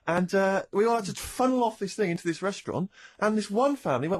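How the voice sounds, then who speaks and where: A man telling an amused travel story in a quick, animated, chatty way. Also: sits high. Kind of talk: casual podcast chat.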